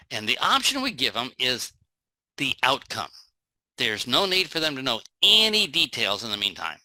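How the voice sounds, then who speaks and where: A man's voice: mid-range voice, huge pitch swings, normal speed, sharp tone, no room sound. A man giving a live online sales training talk in a folksy, joking way, acting out little everyday scenes.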